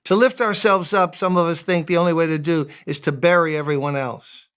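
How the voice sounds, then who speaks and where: A man's voice: on the high side, fairly even intonation, brisk, fairly bright tone, smooth. A man, a pastor, giving a conversational devotional sermon, making joking asides and reading scripture aloud.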